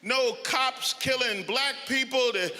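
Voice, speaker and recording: High, sharp-voiced American comic in a hall. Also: male voice, takes it slowly. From United States. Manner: loud, exasperated, mock-serious. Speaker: stand-up comedian. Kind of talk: live stand-up set. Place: large comedy venue, crowd present. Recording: live hall with long reverb and crowd.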